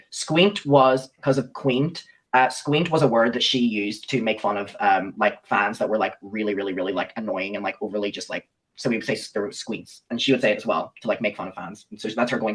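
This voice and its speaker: A man's voice: lowish voice, quick pace, fairly bright tone, slightly rough, low-quality recording. A young man, telling his side of a story and reading out messages, rambling with lots of ums and likes. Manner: rambling, many fillers like "um" and "like".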